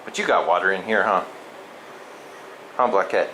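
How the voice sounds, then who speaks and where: A man's voice: low voice, normal speed, low-quality recording. A man coaxing a cat in sing-song pet talk, repeating its name and asking it playful questions. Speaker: cat caretaker filming a feral cat. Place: indoors in a building with a cat. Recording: steady air conditioner hum.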